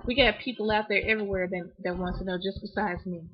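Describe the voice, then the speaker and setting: A woman's voice: mid-range voice, steady tone, fast talker, husky. A woman talking candidly to camera in a casual home vlog, chatty and open, with frequent restarts. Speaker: parent vlogger. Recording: dull lo-fi home recording.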